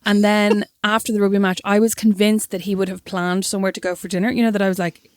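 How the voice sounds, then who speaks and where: A young Irish woman co-hosting a podcast, telling a story in a lively, self-mocking way. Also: mid-range voice, quick pace. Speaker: podcast co-host. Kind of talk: casual chat, storytelling.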